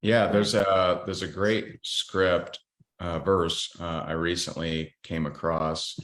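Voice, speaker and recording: A man's voice: low-pitched, level tone, slow pace, fairly bright tone. A man guest on a podcast, candidly telling a faith story in an earnest, blunt way. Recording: roomy echo.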